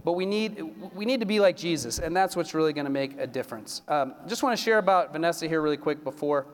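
Guy pastor giving a sermon, high voice, chatty storytelling then quiet prayer, echoey church hall. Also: lively intonation, fast. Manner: conversational storytelling, drops to a soft low voice in prayer.

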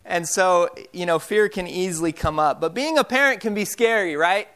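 A young man preaching with a high, smooth voice. He talks casually, full of fillers and restarts, like a pastor telling stories. The voice stays clear throughout. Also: lively intonation, a little fast, few pauses, fairly bright tone, a faint crowd. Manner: casual storytelling with frequent fillers. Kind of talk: sermon.

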